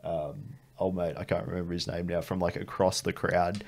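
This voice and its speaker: An Australian man, guest on a podcast, rambling through a story with lots of swearing and animated impressions. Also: low-pitched, moderate pace, vocal fry. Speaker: guest, host's brother. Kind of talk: casual storytelling chat.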